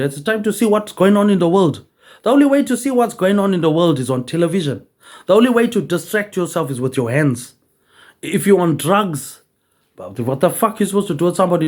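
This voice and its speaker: A man's voice: high voice, darkish tone. A man rambling on in a loose monologue, swearing freely and tagging almost every line with "mate".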